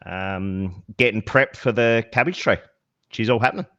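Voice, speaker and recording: A man's voice: lowish voice, normal speed, fairly bright tone, dull audio. A man co-hosting a sailing podcast, teasing the others playfully in casual chat. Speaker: podcast co-host.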